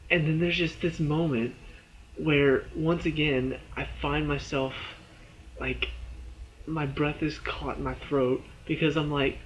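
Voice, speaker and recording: A man giving a casual spoken review of a TV episode. He retells the scenes in an excited rush, with lots of fillers. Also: medium pitch, lo-fi sound.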